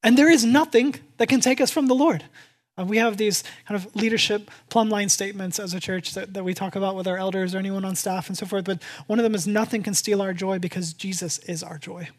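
A pastor preaching a sermon to a congregation in church, animated and emphatic, repeating key phrases and swinging from loud to hushed. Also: mid-range voice, fast.

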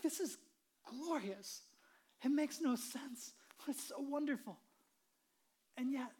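A woman pastor preaching a sermon in an earnest way, moving between emphatic and hushed delivery and sometimes dropping to a whisper. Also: medium pitch.

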